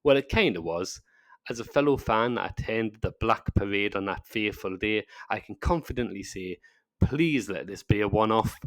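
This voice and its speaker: A man's voice: fairly low pitch, animated, normal speed, dry recording. Sardonic Northern English man narrating. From north of England. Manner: sardonic, sarcastic asides. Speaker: video essayist. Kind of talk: scripted narration.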